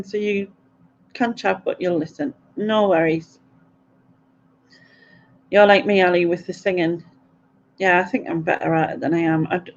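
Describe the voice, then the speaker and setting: A woman's voice: on the low side, dull audio. A middle-aged woman, chatting and giggling through a casual live question-and-answer stream.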